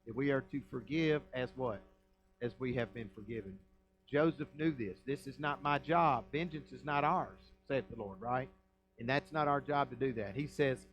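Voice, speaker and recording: A middle-aged pastor teaches a Bible study sermon, retelling the story and asking the congregation questions as he goes. His voice is medium in pitch at a moderate pace, and the audio is poor.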